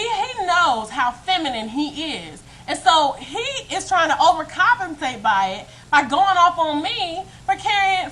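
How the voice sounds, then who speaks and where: Animated high-voiced woman telling a story. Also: low-quality recording. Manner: animated and emphatic, laughs often, talks to viewers directly. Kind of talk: casual storytime monologue to camera.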